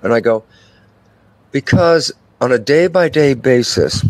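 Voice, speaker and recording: A man's voice: mid-range voice, a little slow, no echo. An older man, an interview guest, explaining his ideas at length and acting out little dialogues with himself. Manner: animated storytelling, acts out dialogue with himself. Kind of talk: expansive conversational explanation.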